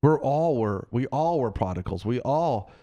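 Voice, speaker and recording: A man's voice: mid-range voice, lively intonation, moderate pace, mellow, no echo, dull audio. A man hosting a Christian talk show, preaching earnestly and repeating phrases for emphasis. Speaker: host of a Christian TV and radio show.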